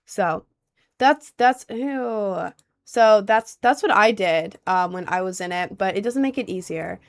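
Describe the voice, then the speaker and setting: A woman's voice: mid-range voice, a little slow. A young woman talks casually to her stream audience, answering their questions. She rambles and fills her sentences with "like" and "um". Her delivery is loose and conversational. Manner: rambling, heavy use of "like" and "um".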